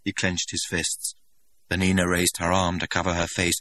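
Low-voiced man narrating dramatically. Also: moderate pace, dry recording. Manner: expressive, dramatic reading. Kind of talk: audiobook narration.

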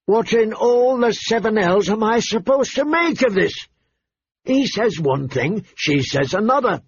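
A man voicing a weary, exasperated middle-aged king who swears gruffly, in a dull, faintly noisy recording. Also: a little high, sing-song, takes it slowly, a bit bright, full character voice.

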